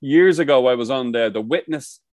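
A man co-hosting a casual podcast, his voice of middling pitch and dry, with no roominess around it. He rambles through stories and swears freely. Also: moderate pace, a little mellow, no echo. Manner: rambling storyteller, swears a lot. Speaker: podcast co-host. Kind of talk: casual chat. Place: outdoors by the coast.

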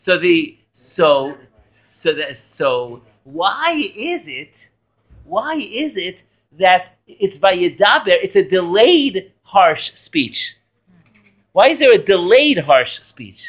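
Lively high-voiced rabbi teaching a class. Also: male voice, slow pace, muffled recording. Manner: lively, quizzing students, joking. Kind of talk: animated Torah class.

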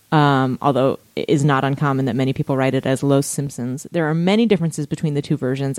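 A woman's voice: low voice, a little mellow, no room sound. A woman co-hosting a podcast, reading facts aloud in casual chat with frequent asides and laughter. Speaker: podcast co-host.

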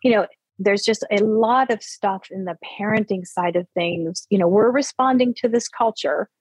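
A woman in her fifties, a therapist, explaining parenting in an earnest conversational interview and slowing down to stress her points. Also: mid-range voice, a little mellow, breathy edge, no echo, low-quality recording. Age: 50s.

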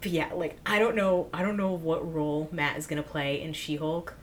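A woman co-hosting a podcast, chatting casually and gushing with excitement, with lots of fillers. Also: low-pitched, normal speed, a little hiss or hum. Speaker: podcast co-host. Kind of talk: casual fan chat.

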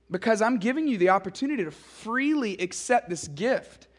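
At a student summer gathering, a man with a high, animated voice at normal speed preaches an earnest sermon to students. He's emphatic, driving his points home by repeating phrases.

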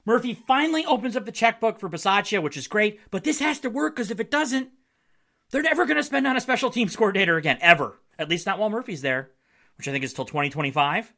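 Fast-talking and lively in his intonation, a male solo podcaster jokes loosely about his team's latest match, wry and quick to laugh. His voice is forward and bright with plenty of pitch variation, and his manner is casual and chatty.

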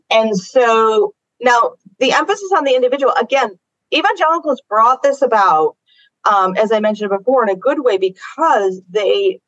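A woman's voice: lowish voice, dry recording, highs cut off. A woman author answering interview questions in a thoughtful, explanatory way, working her ideas out aloud. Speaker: author guest.

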